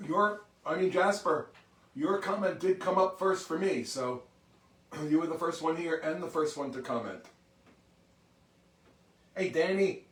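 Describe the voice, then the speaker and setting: A man's voice: fairly high pitch, far from the mic. A man hosting a music livestream, chatting casually and greeting viewers one by one by name. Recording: roomy sound from off mic.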